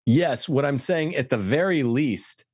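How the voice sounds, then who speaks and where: A man speaking as a guest commentator on church affairs, talking fast and insistently in opinionated podcast style. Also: medium pitch, lively intonation, a little mellow, husky, no echo, clean studio sound. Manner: emphatic, rapid, insistent.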